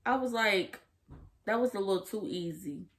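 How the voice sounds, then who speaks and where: A young woman casually recapping a TV episode to camera, animated and emphatic, full of slang and laughter. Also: medium pitch, moderate pace. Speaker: TV episode reviewer.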